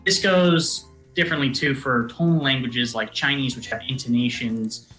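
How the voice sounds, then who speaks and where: Bright-voiced man explaining at length. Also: medium pitch, normal speed, echoey room, faint music behind, low-quality recording. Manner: explanatory, lecturing, with fillers. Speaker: guest player on a call. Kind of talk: casual chat on a game stream.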